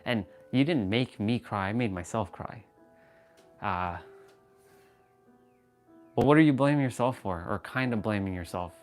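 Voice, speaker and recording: Low-voiced man giving frank self-help talk. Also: a little slow, long pauses, soft background music. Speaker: fitness livestream host. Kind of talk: casual livestream chat.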